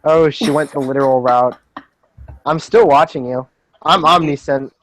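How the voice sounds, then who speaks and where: A man's voice: mid-range voice, steady tone, normal speed, rough recording. A young man hosting a casual group chat over a voice call, joking and sarcastic, rambling on. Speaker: podcast host.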